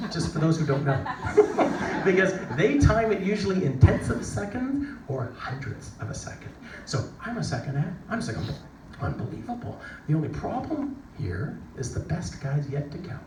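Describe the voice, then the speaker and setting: A middle-aged man giving a motivational talk, telling a story with lively energy and acting out the people in it. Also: fairly high pitch. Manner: animated storyteller, acts out voices and shouts. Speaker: motivational speaker. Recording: echoey hall from a distance, noisy.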